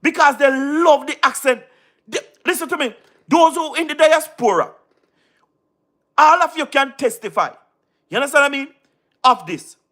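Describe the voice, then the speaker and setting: High-pitched Jamaican man giving shout-outs. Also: expressive, normal speed, pauses often. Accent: Jamaican Patois. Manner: repetitive, keeps asking "you understand what I mean", emphatic. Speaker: YouTube live streamer. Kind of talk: casual live-stream commentary with viewer shout-outs.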